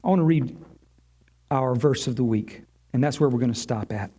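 A middle-aged pastor preaches earnestly at a moderate pace, sinking low and quiet on key lines and rising when he voices prayers.

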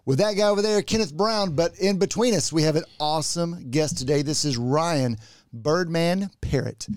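A man's voice: fairly high pitch, moderate pace, a little mellow, dry recording. Upbeat male podcast co-host. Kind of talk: casual podcast chat.

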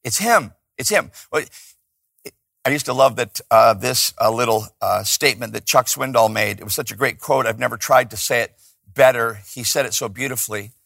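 A man preaching a sermon, swinging from loud emphatic peaks to hushed asides. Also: medium pitch, normal speed, creaky, dry recording, studio quality. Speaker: pastor.

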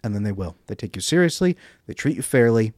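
Animated man coaching on relationships. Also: on the low side, fast, no room sound, studio quality. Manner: animated, acts out example dialogues. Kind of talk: casual interview talk.

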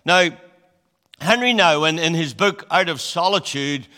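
A man's voice: a little high, a little slow, bright, forceful tone, big-room sound. A man in his sixties preaching a sermon in a conversational, storytelling way, with frequent fillers and restarts. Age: 60s. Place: church.

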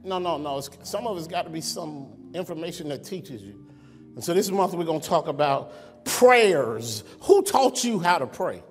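Soft music plays behind a male pastor whose slightly high voice is very animated as he preaches at normal speed to an online audience. He keeps the tone conversational and often poses rhetorical questions, with the sanctuary's long reverb around him.

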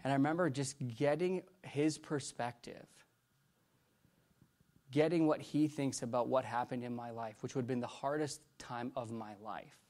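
A middle-aged man with a mid-range voice and a steady tone preaches a personal testimony. It comes out halting and rambling with many restarts, alternating between loud bursts and hushed retelling.

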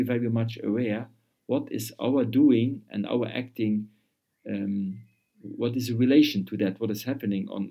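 Man, interview guest, halting and repetitive, warm dark tone. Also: on the low side, creaky. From Luxembourg. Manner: halting, repeats words while searching for phrasing. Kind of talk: conversational interview.

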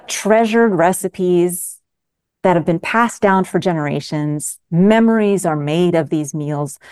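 A woman's voice: fairly low pitch, darkish tone, clear, resonant tone. A middle-aged woman physician speaking as a guest in a casual interview, emphatic and passionate, often restarting her sentences.

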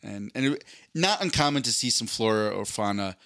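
A man tells a profane story on a podcast. His pitch swings widely as he acts out the characters in it. The sound is dry and close, with no room echo. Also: expressive, a little fast, creaky, a bit bright. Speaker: podcast co-host. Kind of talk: casual storytelling chat.

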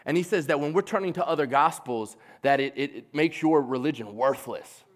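Animated casual young-sounding male preacher. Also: a little high, brisk. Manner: animated, casual, acts out quotes in a lively voice. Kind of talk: sermon.

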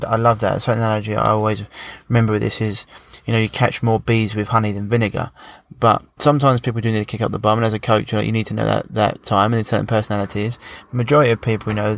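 A man's voice: on the low side, gravelly, no echo. A man hosting a podcast, chatty and rambling as he talks about coaching. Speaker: podcast host. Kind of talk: casual podcast conversation.

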